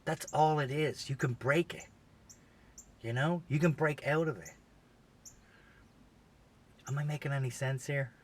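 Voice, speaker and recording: A man's voice: mid-range voice, unhurried, long pauses. A man hosting a podcast, telling a long comedic story in a rambling, profane way full of "you know" asides. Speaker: podcast host.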